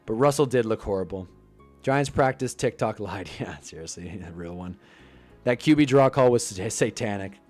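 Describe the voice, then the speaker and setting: A young man hosting a live stream, ranting casually and growing loud in outbursts. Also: on the low side. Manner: frustrated, swearing, swings into loud outbursts.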